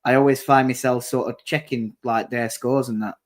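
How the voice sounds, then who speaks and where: Rambling co-host, mid-pitched. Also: male voice, fairly even intonation, moderate pace. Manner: rambling, anecdotal. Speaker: watchalong co-host. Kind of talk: casual football chat.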